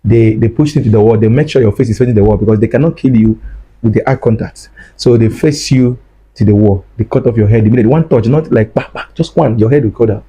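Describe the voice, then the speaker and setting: Male guest, warm husky voice, emotional storyteller who repeats himself. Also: lowish voice, quick pace, low-quality recording. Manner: repeats phrases, acts out dialogue. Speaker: guest recounting his ordeal. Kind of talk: emotional first-person storytelling.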